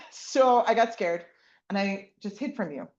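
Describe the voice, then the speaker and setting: A woman and mother of young kids teaching a lively Torah class, often asking "right?" and acting out the lines she quotes. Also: medium pitch, measured pace, muffled recording. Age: adult parent with young kids. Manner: animated, keeps asking "right?", acts out quotes. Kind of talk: lively Bible class lecture.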